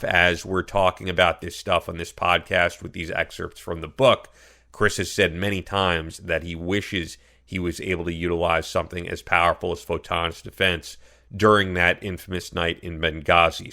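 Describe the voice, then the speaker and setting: A podcast host reading sponsor ads with an upbeat, emphatic delivery. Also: male voice, low voice, fairly even intonation, moderate pace, sharp tone. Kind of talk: ad read.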